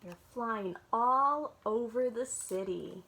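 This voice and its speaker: A woman's voice: fairly high pitch, slow, bright, forceful tone. A woman working as a children's librarian, reading picture books aloud to young listeners in a sing-song way and often stopping to ask them questions.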